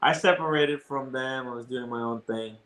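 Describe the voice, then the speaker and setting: A man hosting a casual livestream, chatting in a relaxed, halting way with many exclamations. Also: mid-range voice, rough recording. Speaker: livestream host.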